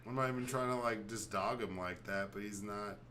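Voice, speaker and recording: A man with a low, bright and forceful voice riffing through casual podcast banter. He jokes loudly, swears freely and breaks into laughter, with faint room ambience behind him. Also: a little fast, slight background noise. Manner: loud, joking, swearing, bursts into laughter. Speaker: podcast host. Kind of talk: casual comedic chat.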